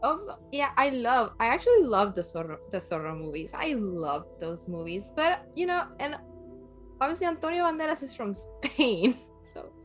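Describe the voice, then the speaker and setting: A woman from Puerto Rico, a guest in a casual chat, talking with animated energy and laughing often. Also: fairly high pitch, normal speed, faint music behind.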